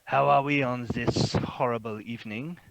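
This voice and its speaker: A man's voice: mid-range voice, fairly even intonation, normal speed, creaky, no echo, pitched above the performer's own voice, lightly acted, low-quality recording. A man voicing a foppish male gambler with a put-on French accent, airy and theatrical. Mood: pompous.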